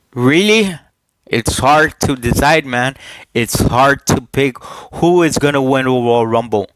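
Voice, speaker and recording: A man speaks into a headset mic in a casual home vlog, at a slow, unhurried pace. He talks in halting bursts, repeats words and throws questions at his viewers. The sound is dry and close. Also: mid-range voice, a bit bright, no room sound, low-quality recording. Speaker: YouTuber giving wrestling predictions.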